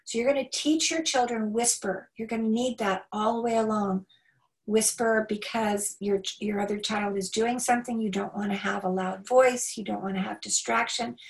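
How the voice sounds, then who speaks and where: A woman giving a live talk to parents, animated and emphatic, acting out little quoted remarks. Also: medium pitch, moderate pace, creaky, distant mic, poor audio. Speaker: homeschool workshop speaker.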